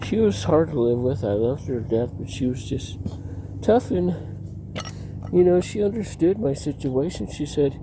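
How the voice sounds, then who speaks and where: A man's voice: a little high, animated, moderate pace, noisy background. A man outdoors telling rambling personal stories, often cutting himself off and laughing at his own tales. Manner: meandering, self-interrupting, laughs at own stories. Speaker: vlogger.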